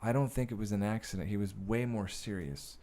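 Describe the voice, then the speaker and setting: Low-voiced man telling rambling stories. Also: a little fast, warm tone. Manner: profane, rambling, many fillers. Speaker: guest actor and director. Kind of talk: casual interview storytelling.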